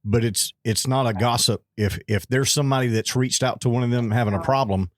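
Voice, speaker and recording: A man's voice: mid-range voice, fairly quick, hardly any pauses, no room sound, studio quality. A man talking in casual podcast chat, earnest and repeating words as he goes.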